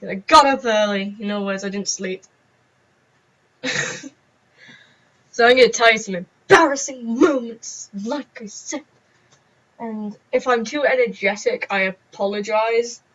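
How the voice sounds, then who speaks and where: A woman's voice: fairly high pitch, a little slow, pauses often, a bit bright. Giggly woman rambling on a vlog. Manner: rambling, giggly, self-mocking. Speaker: vlogger. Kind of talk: casual story-time vlog. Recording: dull lo-fi recording.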